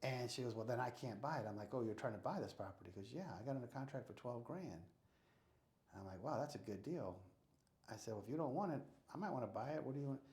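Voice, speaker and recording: A man's voice: mid-range voice, fast. An American man telling stories in a casual interview and acting out the dialogue as he goes. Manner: animated storyteller acting out dialogue. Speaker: real estate investor guest. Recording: roomy echo.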